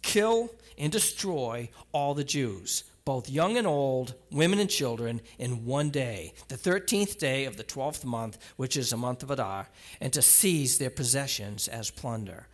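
A male pastor gives a conversational sermon, retelling scripture like a casual story and addressing the congregation directly, with many restarts and asides. His mid-range voice is lively in intonation and unhurried.

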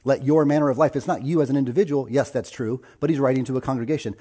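Husky, mellow-voiced male pastor preaching. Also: medium pitch, steady tone, quick pace, hardly any pauses. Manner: earnest preaching, builds to emphatic points. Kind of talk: sermon.

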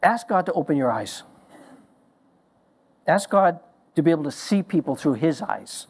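Man preaching a slow, emphatic sermon. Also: a little high, very animated, darkish tone, slightly rough. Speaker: pastor.

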